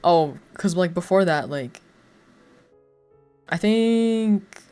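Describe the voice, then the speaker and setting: A man's voice: high-pitched, animated, extremely slow, darkish tone, clean tone. A young man streaming, telling a story in a rambling, casual way, full of fillers and frequent laughs. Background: faint music.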